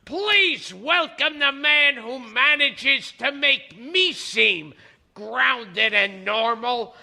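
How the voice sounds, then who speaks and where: A man's voice: extremely high pitch, expressive, drawn-out words, gravelly, pushed and bright. A man hosting a podcast interview, introducing his guest with a wry, joking delivery. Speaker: podcast host.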